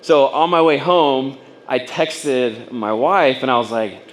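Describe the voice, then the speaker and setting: At a business training event, a man tells a personal story to a room of fellow business owners. His mid-range voice is slow, and he rambles casually, packing in fillers and acting out what people said.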